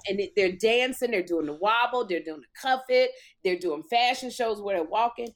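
A woman chats and tells a story, animated and quick to jump into loud acted-out quotes. She talks at an ordinary middle pitch. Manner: animated, acts out quotes loudly. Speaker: talk show host and comic, guest. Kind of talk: lively storytelling chat.

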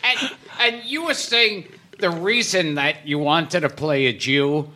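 A man co-hosting a podcast, asking quick questions and chiming in with short interjections. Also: a little high, sharp tone. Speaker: podcast co-host. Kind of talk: casual interview chat.

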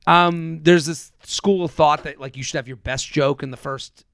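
Man, slightly high, gravelly, rambling podcast chatter, dry close mic. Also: fairly even intonation, moderate pace, a bit bright, no room sound. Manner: rambling, lots of fillers and restarts. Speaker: comedian and podcast guest. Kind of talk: casual podcast chat.

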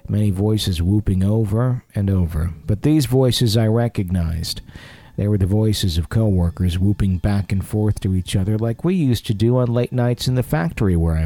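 A man with a fairly low voice hosts a podcast. He reads listener stories aloud and trades jokes and teasing with his co-host. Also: mellow, no room sound. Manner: jokey, teasing. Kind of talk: reading listener stories and casual banter.

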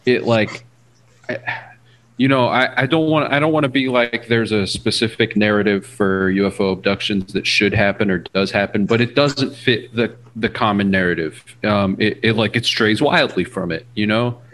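Halting man on a podcast. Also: lowish voice, a bit bright. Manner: hesitant, halting, many restarts. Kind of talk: casual podcast discussion.

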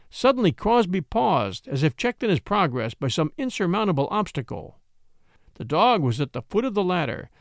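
A male storyteller and podcast host reading classic tales with animated, expressive delivery. His voice sits somewhat high for a man, with a gravelly grain. The close studio recording is completely dry. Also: dry recording. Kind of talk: dramatic audiobook narration.

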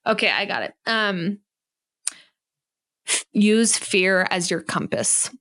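A woman's voice: medium pitch, expressive, takes it slowly, fairly bright tone. Female business coach guest; emphatic, preachy motivational delivery. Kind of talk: podcast interview.

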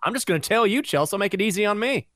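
Hyped high-voiced man firing off bets. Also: quick pace, no echo, studio quality. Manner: energetic, hyped, punchy one-liners. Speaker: sports betting podcast co-host. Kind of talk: casual sports betting chat, rapid-fire picks.

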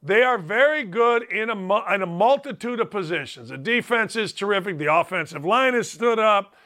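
A man hosting a sports talk show, arguing his case in an emphatic monologue. His voice sits high and bright. His pitch swings widely as he presses each point. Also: animated, moderate pace. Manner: emphatic, argumentative, mock-quotes critics in a higher voice. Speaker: sports radio host.

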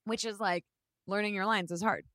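A young woman in her twenties, co-hosting a casual chat and telling a story with lively acted-out quotes. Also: medium pitch, moderate pace, no room sound. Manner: animated storytelling, acting out quotes.

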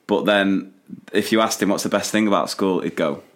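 A man's voice: deep voice, moderate pace. Easygoing man co-hosting with laughs. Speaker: podcast co-host. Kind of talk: casual chat.

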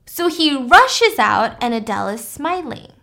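High-voiced chatty woman recapping a story. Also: measured pace, creaky. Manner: chatty, filler-heavy, animated.

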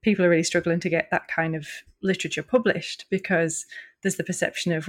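A woman's voice: on the low side, little pitch movement, fast. A woman, a writer speaking earnestly and with animation in a podcast discussion. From County Durham, England. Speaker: journalist and writer, guest.

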